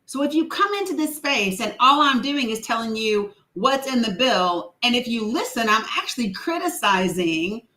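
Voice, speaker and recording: A woman's voice: fairly high pitch, very animated, normal speed, hardly any pauses, sharp tone. A woman with a Southern US accent hosting a live stream, teasing and sassy in casual commentary, laughing often.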